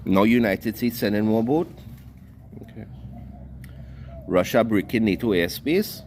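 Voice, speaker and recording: A man's voice: fairly low pitch, lively intonation, a little slow, a little mellow, a little hiss or hum. A man with a Trinidadian Creole accent, delivering a heated, scornful monologue and cussing freely. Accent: Trinidadian Creole English. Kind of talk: ranting monologue.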